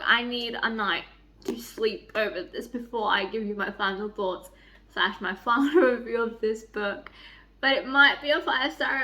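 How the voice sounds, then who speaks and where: A young woman chatting excitedly in a book vlog, gushing, giddy and swearing freely. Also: on the high side. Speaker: book vlogger. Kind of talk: excited reading vlog chat.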